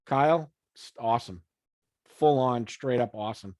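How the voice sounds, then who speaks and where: A man's voice: mid-range voice, normal speed, dry recording. A man interviewing a band in casual chat, swearing freely, laughing often and acting out scenes in quoted voices. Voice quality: swears freely, animated storytelling. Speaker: podcast interviewer.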